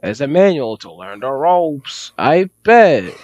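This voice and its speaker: A man's voice: on the high side, slow pace, dry recording, muffled recording. A young man commentating a horror game playthrough, chatting in slang and yelping when startled. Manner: excitable slangy chatter, jumpy yelps. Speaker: gaming YouTuber.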